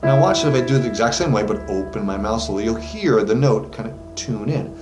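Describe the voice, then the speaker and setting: Over loud music, a vocal coach with a lowish, animated voice gives a brisk, casual singing lesson to camera from his voice studio. He's loose and chatty with plenty of fillers and demonstrates with sung notes. The room is echoey with faint background noise.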